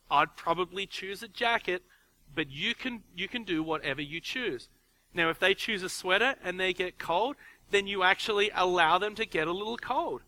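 A man in his forties delivers a sermon in a relaxed, talky way, stumbling over and repeating his words as he goes. His voice sits a little high for a man and rings bright and forceful. He slips into little acted-out quotes of parents talking to their kids. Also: moderate pace, rough recording. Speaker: pastor.

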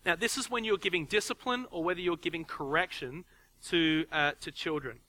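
Bright-voiced man preaching conversationally. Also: fairly high pitch, fairly quick, poor audio. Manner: conversational, repeats and restarts words, acts out quoted parents. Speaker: pastor. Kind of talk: sermon.

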